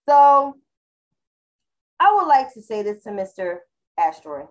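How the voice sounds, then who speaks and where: A woman with a New York accent holding forth on a panel show. Her voice sits a little high, and she talks in a fiery, profane, mocking way, calling people out with relish. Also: big pitch swings, normal speed, pauses often, lo-fi sound. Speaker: podcast co-host. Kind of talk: heated casual panel chat.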